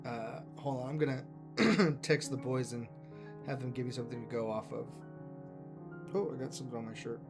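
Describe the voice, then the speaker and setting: A man's voice: medium pitch, moderate pace, long pauses. A man hosting a solo livestream about a fantasy world's lore, rambling and self-deprecating as he talks to himself, with music playing behind him. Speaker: livestream host. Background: background music.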